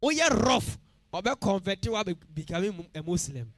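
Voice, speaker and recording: Emphatic Ghanaian preacher, high voice. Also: male voice, lively intonation, normal speed, a bit bright, dry recording. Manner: emphatic, repeats phrases, questions the congregation directly. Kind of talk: midweek church sermon. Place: church service.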